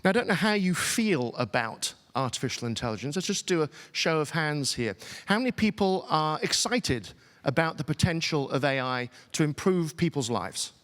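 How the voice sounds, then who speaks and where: A man's voice: fairly high pitch, lively intonation, normal speed, hardly any pauses, a bit bright. A middle-aged man with a British accent giving a conversational, self-deprecating keynote talk to a conference audience. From England. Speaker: keynote speaker. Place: large conference hall. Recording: hall reverb, heard from a distance.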